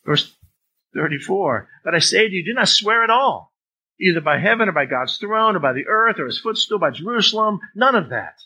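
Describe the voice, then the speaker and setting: Bright-voiced man preaching a sermon. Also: high-pitched, expressive, brisk, breathy edge, low-quality recording. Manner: conversational, acts out swearing speakers in a raised voice. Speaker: pastor.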